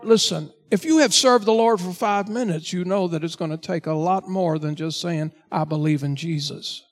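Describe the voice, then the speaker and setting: Man, pastor, sermon, high-pitched, earnest, exhorting. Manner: earnest, exhorting, repeats "listen" to the congregation.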